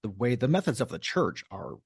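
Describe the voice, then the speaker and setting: A man's voice: medium pitch, very animated, brisk, creaky, slightly rough, no echo, studio quality. A man co-hosting a podcast in casual chat, hesitant with many ums and stammered starts. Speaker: podcast co-host.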